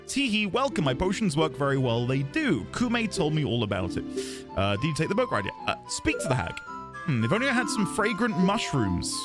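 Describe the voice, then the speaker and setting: A man's voice: a little high, wildly swooping pitch, a little fast, music in the background. A British man voicing an old female potion-shop hag as he reads game text aloud in a light lilt. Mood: chirpy.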